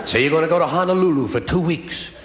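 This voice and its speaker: A man's voice: a little high, fast. A man doing observational stand-up comedy, riffing in repetitive, building phrases. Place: stage in a hall. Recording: echoey hall with clear ambient noise.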